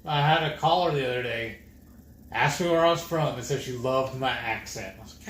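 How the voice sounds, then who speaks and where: A man's voice: medium pitch, brisk, fairly bright tone. A man with a Texan accent, co-hosting a casual livestream and telling easygoing stories. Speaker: livestream co-host. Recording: roomy echo with faint noise.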